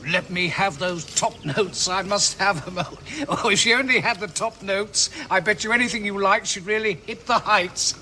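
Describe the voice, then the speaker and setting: An actor in a radio drama playing a fussy, self-important host who chatters fastidiously. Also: male voice, high voice, bright, forceful tone, a little hiss or hum.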